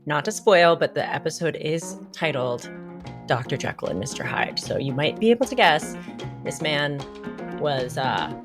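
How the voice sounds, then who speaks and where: A young woman co-hosting a podcast, talking in an excitable, lively casual way. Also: deep voice, moderate pace, over music. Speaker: podcast co-host. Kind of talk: casual chat.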